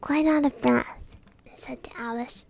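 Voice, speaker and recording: A woman streamer softly whispering a bedtime story as a whispered role-play into a close mic. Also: high-pitched, fairly even intonation, unhurried, creaky. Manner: soft unvoiced whispering.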